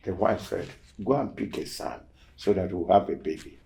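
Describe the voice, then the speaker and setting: A man hosting a show, casually telling a testimony story and acting out the quoted dialogue, swinging between loud emphasis and near-whispered asides. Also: low voice, normal speed, vocal fry. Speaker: show host.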